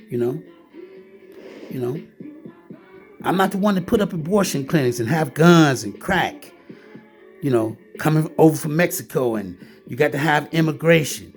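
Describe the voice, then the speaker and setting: A man's voice: fairly high pitch, vocal fry. A man delivering a heated, repetitive ranting monologue, talking straight at the listener and often calling him "man". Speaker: vlogger.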